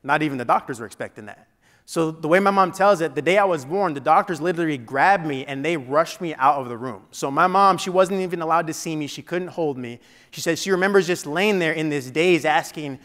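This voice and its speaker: A man with a slightly high voice tells a personal story as a keynote speaker. He talks in a loose, conversational way, restarting sentences and dropping in filler phrases. His voice rings out with the long reverb of a large meeting hall. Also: brisk, a bit bright. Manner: conversational, with frequent "you know" and restarts. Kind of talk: motivational storytelling speech.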